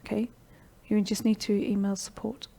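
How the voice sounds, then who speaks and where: Hosting her online course live, this middle-aged woman pitches the program and fields questions, walking viewers through it. Her warm, mellow voice sits at medium pitch with a moderate pace and some vocal fry, and she stays encouraging, tossing in "okay?" again and again.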